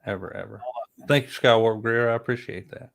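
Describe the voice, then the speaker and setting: A man's voice: mid-range voice, steady tone, fairly quick, gravelly. A man in a casual chat who talks bluntly and emphatically and swears freely. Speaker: guest co-host.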